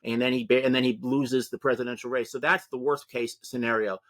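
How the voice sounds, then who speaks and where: A man giving an animated, discursive account as an interview guest discussing politics. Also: medium pitch, a little fast. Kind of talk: casual interview talk.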